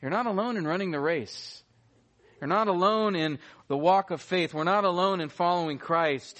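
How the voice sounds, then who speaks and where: A man's voice: high-pitched, animated, normal speed, fairly bright tone. A man preaching a sermon as pastor, emphatic and repeating key phrases for weight.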